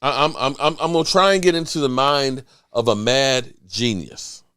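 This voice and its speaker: A man hosting a sports podcast in casual talk, emphatic and animated, often restarting his sentences. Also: mid-range voice, moderate pace, clear, resonant tone, no echo, studio quality.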